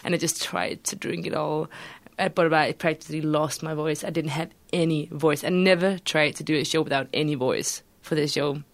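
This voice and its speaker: A woman from Denmark, a singer guest who tells stories in an interview in a lively way and laughs as she talks. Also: low voice, moderate pace, no room sound. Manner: lively storytelling, laughs while talking. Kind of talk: casual interview chat.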